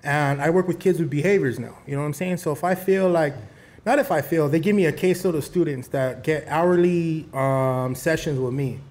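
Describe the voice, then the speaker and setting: A man, a podcast guest who chats casually, full of profanity and street slang, animated. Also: fairly high pitch, fairly quick. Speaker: podcast guest, behavioral interventionist.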